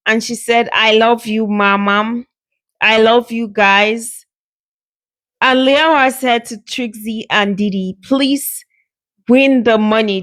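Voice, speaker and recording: A woman's voice: a little high, a bit bright. A woman casually narrating a reality show recap in a loose, rambling storytelling way with fillers.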